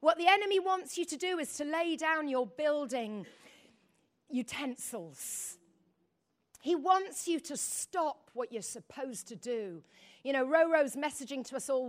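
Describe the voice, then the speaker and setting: A woman's voice: high voice, animated, a little slow. A middle-aged woman preaching a sermon, telling a personal story in a rambling, emotional way and calling on the congregation to repeat words.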